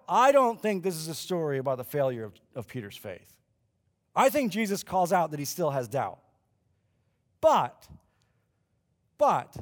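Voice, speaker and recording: Guy preaching a sermon, high voice that jumps all over, acts out the quotes, big echoey church hall. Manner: animated storyteller who acts out quoted lines. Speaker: pastor. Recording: long hall reverb.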